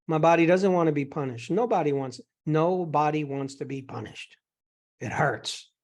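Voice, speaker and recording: A man with a slightly raised voice coaches a guest through a session. He talks gently and reassuringly, walking through one example after another. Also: fairly high pitch, moderate pace. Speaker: host and eating psychology coach.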